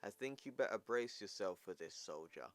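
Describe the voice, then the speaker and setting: A man reading the lines of a stern male military general in a comic recap, in a low, grave delivery. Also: lively intonation, normal speed.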